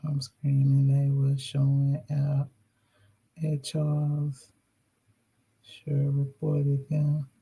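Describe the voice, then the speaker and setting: A woman's voice: rumbling low, completely flat delivery, very slow, creaky, pauses often, husky, phone-quality sound. A woman hosting a livestream, chatting casually and bluntly with viewers and swearing freely. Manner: blunt and profane, talks straight to chat. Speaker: livestream host.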